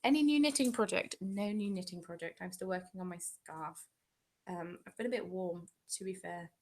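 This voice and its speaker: Her tone is darkish and her pitch fairly low, with fairly even intonation and a normal speed. She is a craft channel host from England, chatting informally on a home live stream and responding to comments in a self-deprecating manner.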